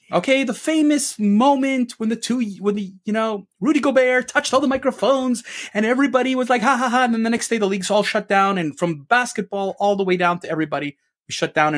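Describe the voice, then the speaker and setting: A man co-hosting a sports opinion show, giving an emphatic rant full of rhetorical questions. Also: high voice. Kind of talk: ranting opinion commentary.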